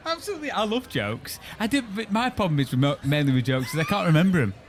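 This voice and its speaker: A man's voice: high voice, very animated, fast. A man co-hosting a podcast, telling jokes in casual chat with a giggly, self-mocking manner. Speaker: podcast co-host.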